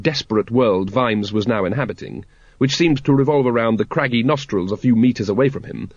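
A man's voice: mid-range voice, no room sound, lo-fi sound. A man reading a fantasy novel aloud with dry, wry storytelling. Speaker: audiobook narrator. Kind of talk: scripted narration.

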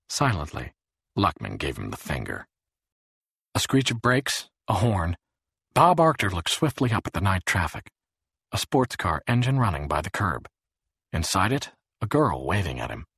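Man narrating, husky voice, low pitch, lively delivery, dry sound. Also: moderate pace, dry recording. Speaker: audiobook narrator. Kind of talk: scripted narration.

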